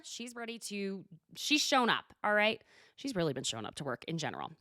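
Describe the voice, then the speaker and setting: A woman's voice: mid-range voice, big pitch swings, fairly quick, a bit bright, no room sound, clean studio sound. A woman hosting a podcast, recapping a reality show in a gossipy, casual way with laughs and swearing. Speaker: podcast host.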